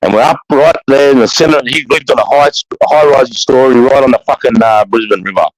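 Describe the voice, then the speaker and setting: A man with an Australian accent telling a long anecdote in casual chat, profane and animated, with many restarts. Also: mid-range voice, brisk, no echo, rough recording. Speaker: podcast storyteller.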